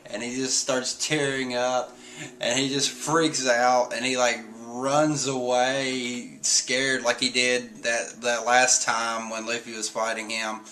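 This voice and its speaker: Bright-voiced man recapping a comic. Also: mid-range voice, level tone, slow. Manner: chatty, laughs often. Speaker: comic reviewer. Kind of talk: casual chapter recap.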